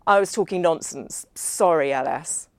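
A woman reading the part of a brash, drunk man who talks loudly and bluntly at a dinner party. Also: deep voice, normal speed, smooth, dry recording, clean studio sound, close to an everyday voice. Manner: loud, blunt, dismissive. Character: brash, drunken, swearing male host at dinner.

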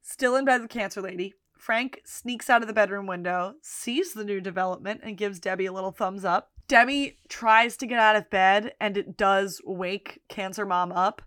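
A woman co-hosting a podcast, casually recapping episodes and slipping into quick voices for the characters. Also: mid-range voice, no echo, clean studio sound. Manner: retells scenes, quoting characters in lively voices. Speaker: podcast co-host.

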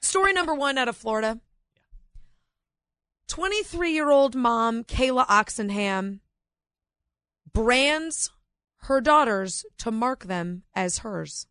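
A woman's voice: a little high, animated, slow, pauses often, a bit bright, no room sound, clean studio sound. Laughing woman co-hosting talk radio. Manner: laughs often, bantering. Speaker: radio co-host. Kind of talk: casual talk radio chat.

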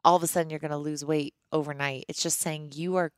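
A woman's voice: sits low, steady tone, fast, smooth, no echo, clean studio sound. A woman in her thirties hosting a podcast, chatting candidly and rambling through listener questions with many restarts. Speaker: podcast host. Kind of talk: casual chat answering listener questions.

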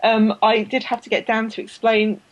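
A woman's voice: fairly high pitch, monotone, normal speed, highs cut off. A woman hosting a podcast in casual chat, rambling with fillers and restarts, enthusiastic about her subject. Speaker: podcast host.

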